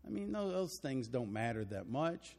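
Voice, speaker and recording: Older Texan preacher in a reverberant hall. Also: male voice, medium pitch, very animated, normal speed, gravelly. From Texas. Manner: earnest, emphatic, building to loud declarations. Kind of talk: sermon. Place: church auditorium.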